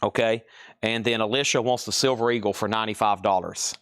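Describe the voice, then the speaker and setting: A man's voice: on the low side, steady tone, fairly bright tone, smooth, no room sound. Chatty man hosting a live sale. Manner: chatty, teasing, reading prices quickly. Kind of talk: casual live-stream selling. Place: store.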